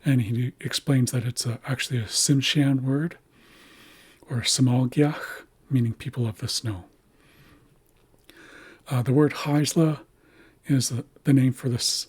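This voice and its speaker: Slow husky man teaching a language. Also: mid-range voice, a little mellow. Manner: slow, careful, repeats words syllable by syllable. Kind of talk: screen-share language lesson. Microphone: webcam setup.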